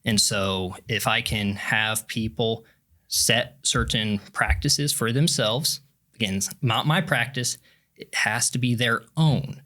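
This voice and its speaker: A man from Kansas, a mindset coach guest, explaining his methods in an earnest, measured way during a casual podcast interview. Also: mid-range voice, steady tone, sharp tone.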